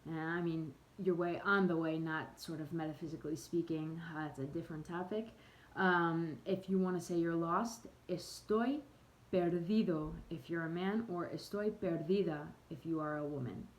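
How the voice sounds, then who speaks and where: A woman's voice: low-pitched, steady tone, normal speed, low-quality recording. A woman giving a casual spoken lesson to camera in a chatty way, often correcting herself with amused asides. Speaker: travel vlogger teaching phrases.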